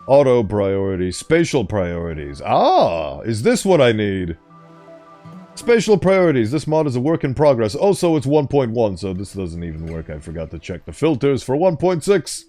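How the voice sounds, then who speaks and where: A man with a mellow, soft-edged voice that swings up and down a lot, chatting casually over his gameplay. He drifts off on tangents and mutters item names aloud as he goes. Faint game music plays underneath him. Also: medium pitch, very animated, moderate pace. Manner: rambling, easily sidetracked, reads on-screen text aloud. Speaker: gaming streamer.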